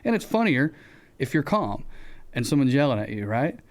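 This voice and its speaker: A man with a Southern US accent, co-hosting a podcast, who tells a story in casual chat, acting out the shouted lines and swearing freely. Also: medium pitch, big pitch swings, normal speed. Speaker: podcast co-host.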